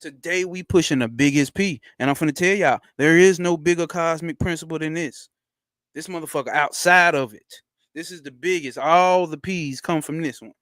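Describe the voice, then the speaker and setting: A man hosting a casual livestream from home into a close mic, using loose, slangy street talk and a lot of swearing. He greets viewers by name and gets excited fast. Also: dry recording. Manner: swearing, excitable, jumps up in pitch when hyped. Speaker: livestream host.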